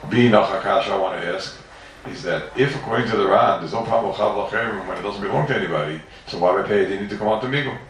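A man's voice: fairly low pitch, quick pace, soft background music. A man giving an emphatic Talmud lecture full of questions and repeated phrases. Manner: questioning, sing-song and emphatic, with many repeats. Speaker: Talmud teacher. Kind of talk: fast yeshiva-style Talmud lecture. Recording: roomy echo, voice from far off the mic.

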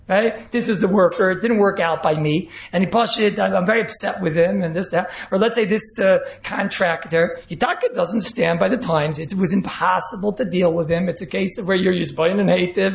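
A male rabbi teaches an animated Torah class and acts out what people say. His voice sits high and carries a gravelly edge. The recording is roomy and echoey, with a muffled, lo-fi sound. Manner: animated, acts out quotes, mixes in Yiddish and Hebrew terms. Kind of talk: Torah class on speech ethics. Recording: echoey room, dull lo-fi sound.

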